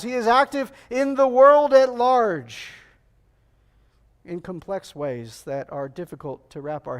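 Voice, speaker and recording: High-voiced earnest male preacher. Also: fairly bright tone. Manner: earnest, repeats phrases for emphasis, asks the congregation rhetorical questions. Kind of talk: sermon.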